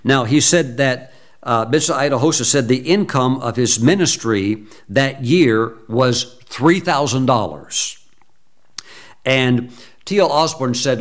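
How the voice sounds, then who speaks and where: A male preacher telling a story in a sermon, slowing down and leaning into the quoted lines. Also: medium pitch. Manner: slow, deliberate retelling with acted quotes.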